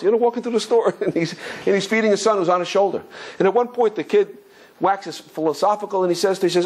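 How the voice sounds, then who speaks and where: A rabbi giving an animated Torah class, telling stories excitedly with stumbling repetitions and chuckles. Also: male voice, sits high, quick pace, breathy edge. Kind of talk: animated Torah lesson with storytelling.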